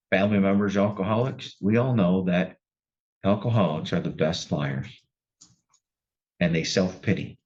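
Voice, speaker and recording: A man's voice: low-pitched, darkish tone. A male judge giving stern, plainspoken sentencing remarks in a courtroom, often restarting his sentences. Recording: dull lo-fi courtroom recording.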